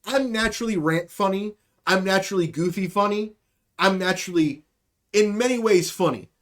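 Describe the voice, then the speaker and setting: A man's voice: sits high, normal speed, fairly bright tone. A man hosting a livestreamed podcast, telling a rambling, profane comic story about his school days. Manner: rambling, profane, self-deprecating. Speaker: podcast host.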